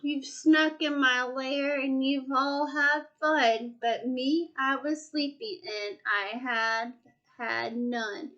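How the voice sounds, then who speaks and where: A woman's voice: high-pitched, fairly even intonation, takes it slowly, pushed and bright, dull audio, heavily acted. A woman voicing a big, grumpy male bear who complains in a whiny way in a storybook. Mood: sulky.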